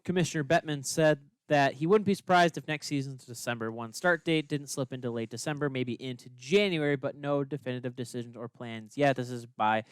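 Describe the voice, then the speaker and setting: A man's voice: medium pitch, fairly quick, hardly any pauses, clean tone, no echo, studio quality. A young man hosting a podcast, reading news with many fillers and getting exasperated at his co-host. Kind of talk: casual news-reading chat.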